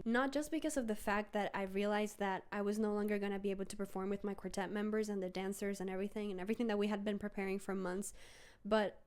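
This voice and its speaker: A young woman telling a personal story in a casual vlog, chatty and full of "like". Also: darkish tone. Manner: chatty, fills with "like" and "bro"; jumps into high voices when quoting.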